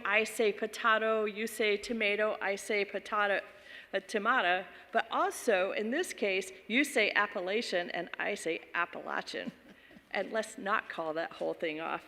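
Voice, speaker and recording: A woman's voice: mid-range voice, sharp tone, in a large hall. A woman minister raised in the American South, telling stories in a folksy sermon with chuckling asides. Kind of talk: sermon storytelling.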